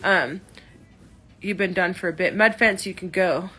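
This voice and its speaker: A woman's voice: on the low side, unhurried, a bit bright, slightly rough, faint music behind. A woman in her thirties venting on a phone livestream, emotional, hurt and defensive, with many restarts. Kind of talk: upset livestream rant. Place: in her car.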